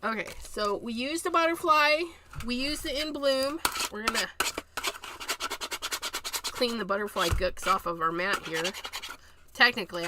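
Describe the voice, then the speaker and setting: A woman with a high-leaning voice hosts a live card-making tutorial, chatting, joking and talking to herself as she works. The recording is very noisy.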